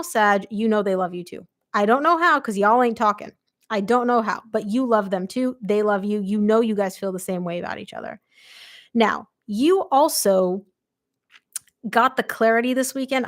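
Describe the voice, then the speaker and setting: A woman doing a live tarot reading, chatty and excitable, her voice going hoarse from a long day of readings. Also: mid-range voice. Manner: chatty, excitable, quotes people aloud. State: losing her voice. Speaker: tarot reader.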